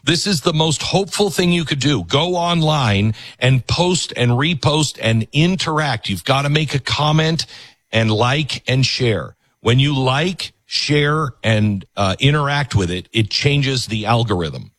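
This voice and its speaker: A male talk show host with a husky, slightly higher voice that swings widely in pitch. He preaches to his audience with animated conviction, and the sound is close and dry. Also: unhurried, no echo.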